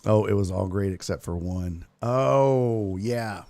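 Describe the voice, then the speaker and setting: A man's voice: fairly low pitch, slow, no echo. A man hosting a casual live-streamed sports show, ranting and cursing freely. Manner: profane, ranting, animated.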